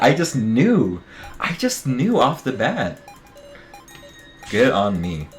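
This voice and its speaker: A man's voice: mid-range voice, wildly swooping pitch, slow pace, long pauses, faint music behind. A man streaming a game, joking and muttering asides to his viewers in casual commentary.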